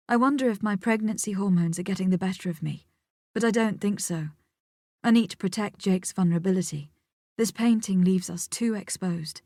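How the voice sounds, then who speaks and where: A woman narrating an audiobook in the first person, measured and intimate, sometimes dropping almost to a whisper. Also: medium pitch, dark tone, dry recording, clean studio sound.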